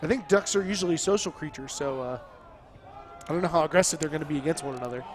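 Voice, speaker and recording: A man's voice: a little high, fast, a faint crowd, a little hiss or hum. A man giving sports color commentary, breaking plays down step by step in a wordy way with frequent restarts.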